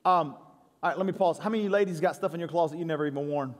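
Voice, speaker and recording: High-voiced joking pastor in a reverberant church. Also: male voice, racing. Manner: joking, crowd-engaging storytelling. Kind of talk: sermon. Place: church sanctuary. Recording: long hall reverb.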